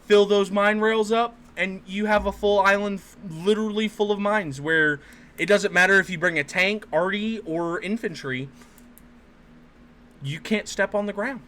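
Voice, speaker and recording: A man's voice: high-pitched, moderate pace, fairly bright tone. A man co-hosting a gaming podcast, chatting casually and profanely, building up schemes step by step with hype. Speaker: podcast co-host.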